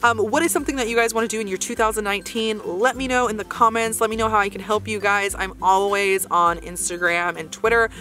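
A woman's voice: medium pitch, steady tone, quick pace, hardly any pauses, pushed and bright, soft background music. Upbeat, chatty young woman vlogging. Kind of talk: casual vlog chat.

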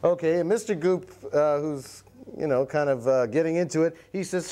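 A man hosting a live TV music show, telling a playful puppet story with lots of pauses. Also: a little high, mellow. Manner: rambling, playful, lots of uhs. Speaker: show host. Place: TV studio with live audience.

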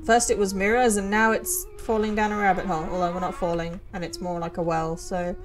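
A woman commentating her playthrough of a horror game, excitable and sarcastic, often laughing. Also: mid-range voice, fairly quick. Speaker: let's play gamer.

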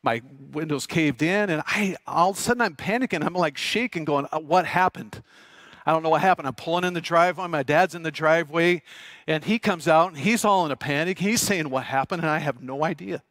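A middle-aged man preaching a sermon, telling a lively personal story and asking the congregation questions. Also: a little high, brisk, dry recording. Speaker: pastor. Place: church sanctuary.

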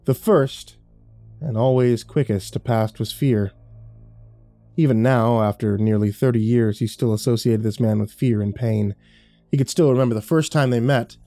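A man narrating a scripted horror story in a measured, dramatic way. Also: medium pitch, warm tone, no echo, soft background music.

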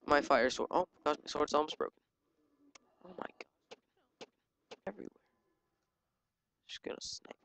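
A gaming channel host giving excitable live commentary while playing, yelping and joking at enemies. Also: mid-range voice, normal speed, long pauses, muffled recording. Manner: excitable, yelps and jokes at enemies. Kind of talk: live let's-play commentary.

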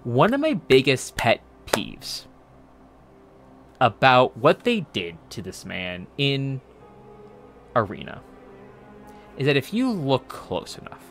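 Animated male streamer, lively swings. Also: medium pitch. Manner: animated, swears, laughs often. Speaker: streamer host. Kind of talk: casual livestream chat.

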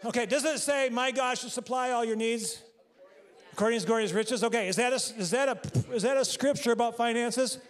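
Male pastor, higher voice, chatty sermon delivery that pulls answers from the congregation. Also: fairly quick, a faint crowd. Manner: conversational, quizzes the congregation. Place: church sanctuary.

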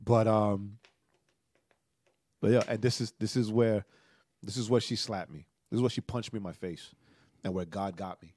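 A man's voice: lowish voice, steady tone, moderate pace, long pauses, darkish tone, no room sound, clean studio sound. Emotional male pastor telling a story. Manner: emotional storytelling, tags lines with "right?". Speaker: podcast host and pastor. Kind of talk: casual conversation.

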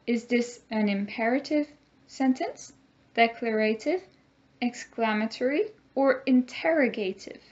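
A woman teaching a grammar lesson, speaking slowly and clearly and having the class repeat words after her. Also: on the high side, darkish tone, muffled recording. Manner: slow, clear teacher talk with call-and-repeat drills.

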